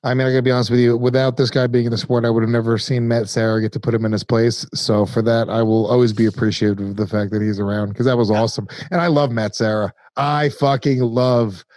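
A man chatting on a podcast in a relaxed, easygoing way. His voice is mid-pitched. The sound is dry and close, with no room around it. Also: quick pace, hardly any pauses, dry recording. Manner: easygoing, laughs along. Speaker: podcast co-host. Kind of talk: casual podcast chat.

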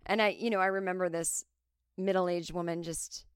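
A woman's voice: on the low side, normal speed, smooth, no room sound, studio quality. A woman in her forties telling a comic story in a chatty way, briefly putting on voices of other people. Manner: chatty, animated impressions of others. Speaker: podcast host. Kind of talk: solo comedic storytelling.

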